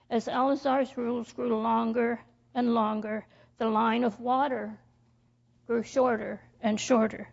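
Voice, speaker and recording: A woman reading a story aloud to children in church, halting and stumbling over words as she goes. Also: a little high, steady tone, gravelly, a little mellow. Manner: slow, halting reading with slips and restarts. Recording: dull lo-fi recording.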